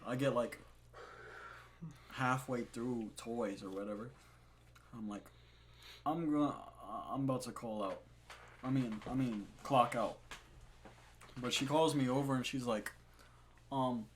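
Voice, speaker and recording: A young man tells a story on a casual podcast, swearing freely and laughing as he acts out the people in it. His pitch sits at a middle level, and a faint hiss runs under the recording. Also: measured pace, long pauses. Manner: profane, laughing, animated retelling. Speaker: podcast co-host. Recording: faint background noise.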